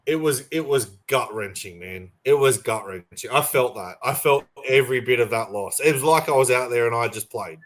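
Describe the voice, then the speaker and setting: A man's voice: medium pitch, normal speed, few pauses, a bit bright. Passionate man on a podcast. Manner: passionate, rambling with restarts. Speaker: podcast co-host. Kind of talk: casual sports chat. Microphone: remote call.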